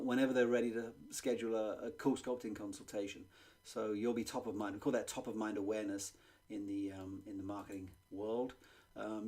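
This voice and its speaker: A man's voice: medium pitch, a little mellow. A middle-aged man with an English accent, a magazine publisher presenting a marketing webinar in a conversational style with frequent ums and uhs. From England. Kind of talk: presentation pitch.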